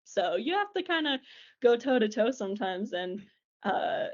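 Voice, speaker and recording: A woman's voice: fairly high pitch, sing-song, measured pace. A young woman from the United States, a guest chatting casually on a podcast, self-deprecating and full of fillers. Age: young adult. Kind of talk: casual podcast chat over a call. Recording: dull lo-fi audio.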